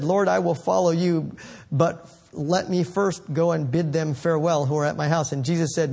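A man preaching a sermon, reading scripture slowly and then riffing conversationally, with sudden high, incredulous exclamations. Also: a little mellow, husky. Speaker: pastor.

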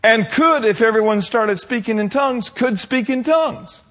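A man preaching a sermon to his congregation, building to shouted passages and calling for responses. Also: very high voice, moderate pace. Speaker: pastor.

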